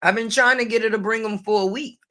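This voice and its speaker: A woman's voice: on the high side, fairly even intonation, fast talker, a bit bright. A middle-aged woman giving casual live-stream commentary, brash and profane, laughing often at her own jokes.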